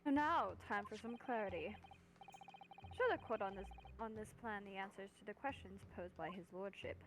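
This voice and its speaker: A woman's voice: mid-range voice, normal speed, fairly bright tone, a little hiss or hum, rough recording. A woman streamer reading game dialogue in a composed, formal tone and chatting casually between lines. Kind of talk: casual let's-play chat and dialogue reading.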